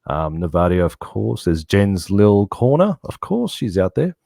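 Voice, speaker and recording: A man's voice: lowish voice, big pitch swings, a little slow, gravelly, dark tone, no echo, clean studio sound. A middle-aged Australian man, chatting in a rambling, laid-back way as an interview guest. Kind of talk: casual interview chat.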